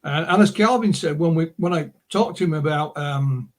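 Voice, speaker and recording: A man's voice: on the high side, normal speed. A middle-aged man, an author and publisher, telling rambling anecdotes as a guest in a casual interview. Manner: rambling anecdotal storyteller, full of asides. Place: remote interview call.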